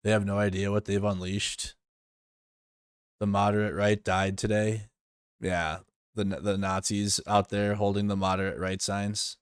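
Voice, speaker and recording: A man talks loosely on a live stream, rambling, restarting and swearing as he reacts. His voice sits somewhat low and smooth, with a dry close sound and no room around it. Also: level tone, a little slow, dry recording. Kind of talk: casual live stream commentary.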